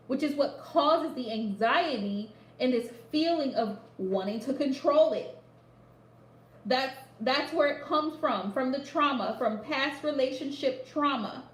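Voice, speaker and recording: Woman psychic reader, high voice, direct and repetitive delivery, echoey room. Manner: addresses the listener directly, repeats phrases for emphasis. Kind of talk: live psychic reading.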